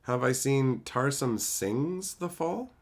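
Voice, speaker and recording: Speaking slowly in a mid-range voice, a man fields movie questions from his live chat. He rambles, curses without restraint, and stays animated throughout.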